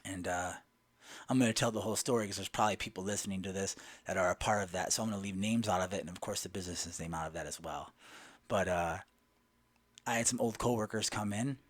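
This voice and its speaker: A man telling a personal story in a lively way, retelling the dialogue line by line. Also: low-pitched, quick pace. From Southern United States. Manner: animated, retells dialogue with "I go" and "she goes".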